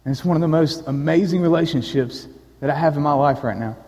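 A man gives an earnest sermon, slowing down to tell a personal story. His voice sits a little high but stays mellow and soft-edged. The sound rings with the long reverb of a large church hall. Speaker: preacher.

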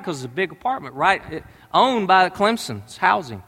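Pastor, middle-aged man, high bright voice, folksy storytelling sermon, reverberant church hall. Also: big pitch swings, fairly quick, slightly rough. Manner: conversational, storytelling preacher.

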